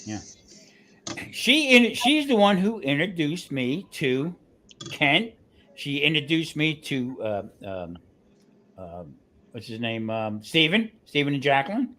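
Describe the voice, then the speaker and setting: Jersey guy telling stories, kinda high voice, keeps restarting his sentences. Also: takes it slowly, slight background noise. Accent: New Jersey. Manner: animated storyteller, restarts often. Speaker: guest cook on a grilling livestream. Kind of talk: casual chat.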